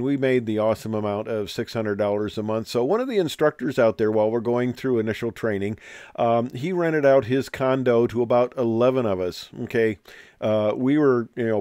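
A man's voice: on the low side, darkish tone, clear, resonant tone, dry recording, studio quality. A man in his sixties, a retired airline captain, telling a joking anecdote with a wry, rambling delivery. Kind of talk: anecdotal storytelling presentation.

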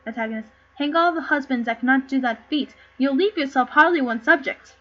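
A woman reading the part of a loyal, grave older lord in an amateur play read-through, speaking in a hushed, solemn way. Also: high-pitched, brisk, natural voice. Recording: slightly muffled with faint noise.

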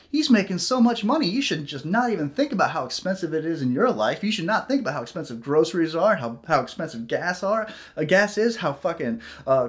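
Ranting male vlogger. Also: a little high. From United States. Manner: heated, profane ranting with tangents and mocking quoted voices. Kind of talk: ranting solo vlog.

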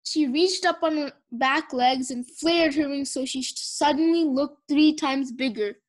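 Casting: woman with a high voice for children's book narration, steady and expressive. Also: unhurried. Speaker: audiobook reader.

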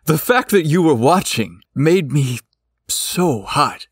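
A man voicing a confident young man who speaks in a smooth, teasing way. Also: fairly high pitch, animated, takes it slowly, no echo, studio quality, voice pushed up, exaggerated voice.

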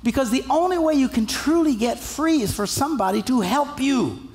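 A male pastor delivering a sermon, telling stories in a lively, humorous way and acting out the people in them. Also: extremely high pitch, moderate pace. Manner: animated, humorous storytelling with acted-out voices.

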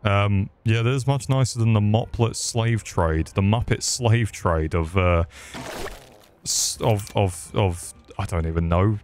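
A man's voice: lowish voice, measured pace, a little mellow, a little hiss or hum. A man giving crude, rambling comedic commentary while he plays a video game. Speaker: gaming streamer. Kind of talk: profane comedic gameplay commentary.

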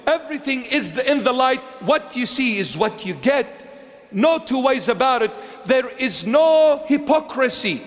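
A bishop preaching a sermon in a church, emphatic and repetitive, swinging between loud insistence and hushed low phrases. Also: male voice, expressive, unhurried. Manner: emphatic, repetitive, dramatic swings in pitch and loudness. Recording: long reverb of a large church.

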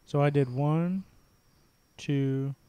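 A man's voice: on the high side, steady tone, drawn-out words, warm tone, smooth, no echo. A man in casual podcast chat, easygoing, often restarting his sentences as he explains. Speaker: podcast co-host.

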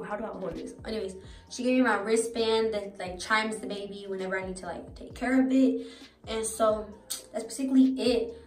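A woman's voice: mid-range voice, a little mellow. Teenage girl, echoey room, far off. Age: teens. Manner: loose and rambling, with many fillers. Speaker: vlogger. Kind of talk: casual vlog update. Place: at home.

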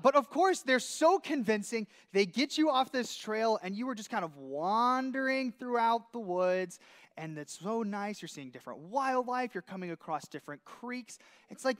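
Man, pastor, sermon, high voice, animated storytelling, long church reverb. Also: moderate pace. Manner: animated storytelling, acting out dialogue. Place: church sanctuary.

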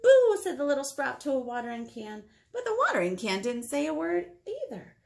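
A woman's voice: sits high, fairly quick, vocal fry. A woman children's librarian reading a picture book aloud and asking the children questions as she goes. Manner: animated, asks the children questions.

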